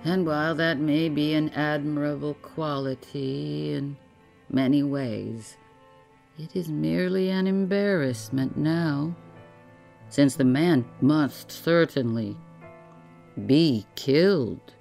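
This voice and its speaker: A woman doing a plump, ruthless employer in a bedtime storybook. He speaks slowly and smoothly, each threat delivered calmly. His voice is very low and gravelly, with faint music underneath. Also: exaggerated voice. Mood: suave. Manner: suave, unhurried, coolly menacing.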